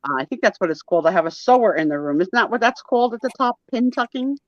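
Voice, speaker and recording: A woman hosting a live sale and chat, teasing her guests in playful, animated banter over a video call. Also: fairly high pitch, fast, no echo, muffled recording. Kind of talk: casual live-stream chat.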